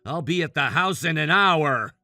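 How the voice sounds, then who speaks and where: A man's voice: a little high, expressive, normal speed, bright, forceful tone, dry recording, clean studio sound, full character voice. A man voicing an exasperated middle-aged husband in a dramatized text-story reading, impatient and scolding.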